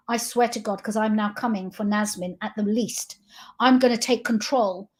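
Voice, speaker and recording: A woman giving an emotional, accusatory livestream address to her family. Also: high voice. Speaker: company founder addressing family online.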